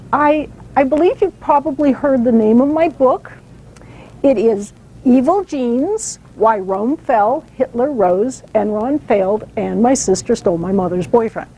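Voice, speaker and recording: A woman author giving a public talk, telling stories in an animated way with some fillers. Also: on the high side, a little hiss or hum, low-quality recording. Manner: storytelling, animated, uses fillers.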